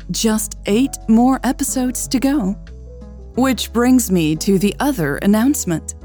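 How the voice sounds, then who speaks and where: A woman narrating an audiobook and hosting its podcast in a measured, even storytelling voice. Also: medium pitch. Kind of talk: scripted narration.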